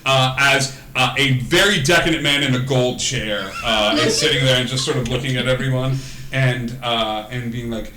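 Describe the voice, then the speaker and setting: A man narrating a tabletop game as game master in a casual, halting way full of fillers, in an echoey room with background noise. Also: mid-range voice.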